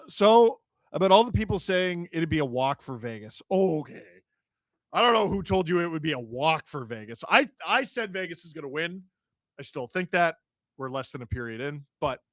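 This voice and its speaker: A man hosting a live stream, reading viewer chat with jokes and shouting play-by-play when a goal goes in. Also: fairly high pitch, no echo, clean studio sound. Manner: joking, excitable, shouts on goals. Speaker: livestream host reading chat. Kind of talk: casual live watch-along chat and play-by-play.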